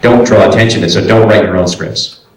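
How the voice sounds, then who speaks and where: A brisk man with a lowish voice, originally from Brooklyn, New York, teaches voice acting on a convention panel, chatting and explaining with plenty of fillers. He's in a large, echoey convention room, and the recording sounds distant and reverberant.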